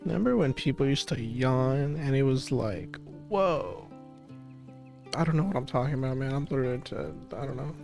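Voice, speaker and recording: Gravelly rambling male game streamer. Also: mid-range voice, lively intonation, quick pace, few pauses, music in the background. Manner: rambling, swears casually, fills dead air. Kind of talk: gameplay commentary.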